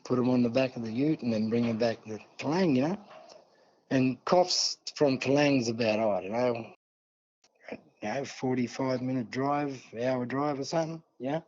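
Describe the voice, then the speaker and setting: A man's voice: medium pitch, moderate pace, darkish tone, lo-fi sound. A man with an Australian accent, a guest telling a long, rambling story in a casual interview, full of asides.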